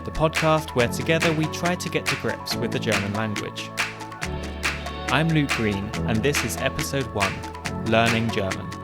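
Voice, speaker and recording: Man hosting with measured narration. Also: mid-range voice, animated, loud music behind the voice. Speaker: podcast host. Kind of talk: scripted podcast narration.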